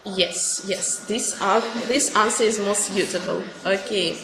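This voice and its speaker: A woman teacher whose first language is Russian, speaking English with a Russian accent and quizzing students in an online class, encouraging and quick to praise each answer. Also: medium pitch, fairly even intonation. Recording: echoey room with faint noise.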